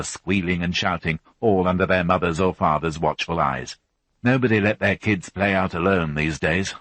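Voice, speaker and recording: A man narrating a crime novel as an audiobook reader, unhurried and even. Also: low-pitched, no room sound. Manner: even, unhurried reading with voiced characters. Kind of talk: scripted narration.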